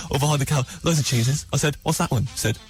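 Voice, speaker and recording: A man's voice: a little high, a little fast, faint music behind. A man on a radio show, telling a rambling comic story, laughing often and acting out bits of dialogue. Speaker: comedian guest telling anecdotes. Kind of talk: casual radio banter.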